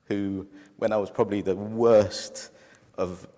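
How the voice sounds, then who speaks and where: A man's voice: on the low side, level tone, unhurried, mellow. A middle-aged man giving a heartfelt sermon as a preacher. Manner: heartfelt, tearful at times. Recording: long hall reverb.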